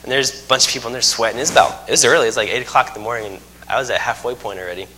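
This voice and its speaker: Male preacher, folksy, emphatic, bright edge. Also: mid-range voice, very fast, slight background noise. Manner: folksy, joking asides, emphatic repetition. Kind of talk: sermon.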